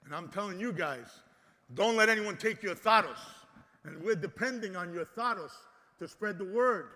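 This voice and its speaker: A man giving an impassioned conference speech, exhorting the crowd and swinging between loud and soft. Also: sits high, lively intonation, moderate pace. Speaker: conference speaker. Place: large conference hall. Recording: long hall reverb.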